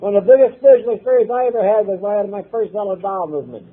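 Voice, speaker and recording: A man's voice: high voice, very fast. An older American man telling his own story to a recovery meeting, blunt and earnest, swearing and repeating phrases. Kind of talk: personal story told to a live meeting. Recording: tinny lo-fi tape recording.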